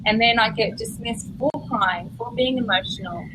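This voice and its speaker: Brief: woman, animated discussion voice, a bit high, noisy background. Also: normal speed. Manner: emphatic, animated, laughs. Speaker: discussion participant. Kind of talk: casual discussion.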